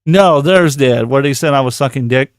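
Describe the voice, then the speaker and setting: A man's voice: mid-range voice, normal speed, no room sound. A man hosting a casual live podcast, swearing constantly and mocking the posts he reads aloud. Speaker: podcast host.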